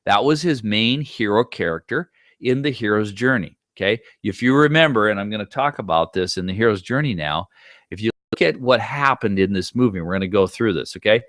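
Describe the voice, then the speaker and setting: A man teaching a class in a conversational lecture style, animated and often checking in with the listeners. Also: on the low side, a little fast, no room sound, studio quality. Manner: conversational, checks in with frequent "right?"; animated retelling with brief quoted voices.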